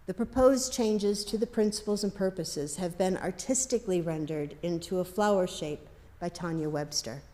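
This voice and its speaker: A woman minister giving a sermon in a conversational way, with light asides and gentle humor. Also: on the low side, normal speed. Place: congregation's worship hall. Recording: long reverb of a large hall.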